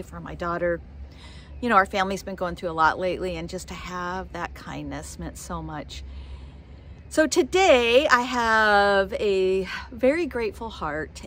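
A woman's voice: mid-range voice, fairly bright tone, slight background noise. A middle-aged woman vlogging, telling a personal story to camera in a heartfelt, emotional way.

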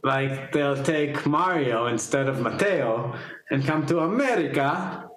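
Brief: male host, mid-pitched, casual crude banter, roomy echo. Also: animated, takes it slowly, fairly bright tone. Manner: crude, joking, with fillers. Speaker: podcast host. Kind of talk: casual chat.

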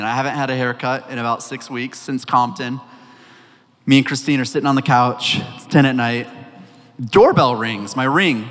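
Animated young man preaching to teens. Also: on the high side. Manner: animated storyteller, acts out voices and dialogue. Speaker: youth pastor. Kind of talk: lively youth talk with storytelling. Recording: reverberant hall sound.

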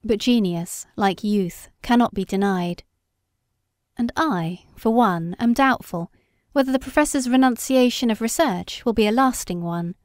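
A woman reading a story aloud as an audiobook narrator, in a measured, unhurried way. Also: on the high side, a little mellow, no room sound, studio quality. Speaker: audiobook reader. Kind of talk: scripted narration.

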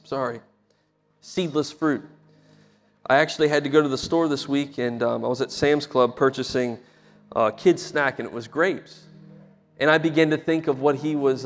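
A young adult man preaching a sermon as a pastor, telling personal stories with rising emotion. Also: fairly high pitch. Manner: emotional storytelling, voice swelling when stirred. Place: church sanctuary. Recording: hall with long reverb.

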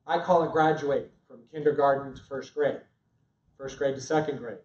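A man co-teaching a church marriage class, analytical and halting, often restarting his sentences. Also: medium pitch, fairly even intonation, a little mellow, reverberant, distant mic, lo-fi sound.

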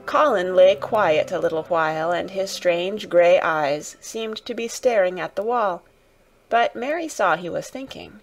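A woman narrating a children's audiobook in a gentle, even storytelling manner. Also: lowish voice, measured pace, soft background music.

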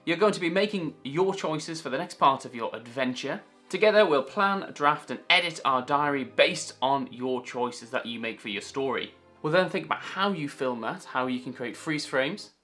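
A man's voice: a little high, expressive, normal speed, hardly any pauses, bright, forceful tone, faint music behind. Upbeat man teaching kids to write. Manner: upbeat, chatty, playful. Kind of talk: kids' writing lesson.

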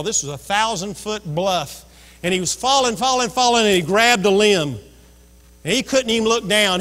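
A man's voice: high voice, fairly bright tone. A man preaching a sermon as pastor, telling a story and acting out the voices in it. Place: church sanctuary. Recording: long reverb of a church hall.

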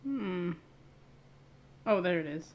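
A woman's voice: fairly low pitch, lively intonation, takes it slowly, slight background noise. A woman giving casual let's-play commentary, playful and giggly as she chats to herself. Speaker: gaming video creator.

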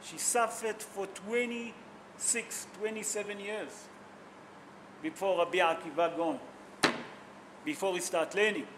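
A man with a high voice and fairly even intonation preaches a little slowly, leaving long pauses, while noise fills the background. As a rabbi, he tells emotional stories and questions his audience, using non-native English with simple grammar.

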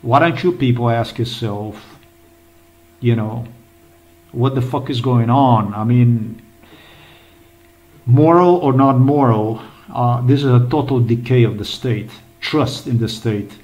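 A man talks through a screen recording in a rambling, agitated way. His pitch sits in the middle range, and he repeats words and curses often as he goes. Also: slow, darkish tone, dull audio. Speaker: vlogger.

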